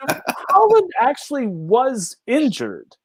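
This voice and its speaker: Guy drawling out a story, pitch all over the place, slow and chatty. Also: slightly rough. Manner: animated storyteller, drawn-out phrasing. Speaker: co-host. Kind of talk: casual banter among friends.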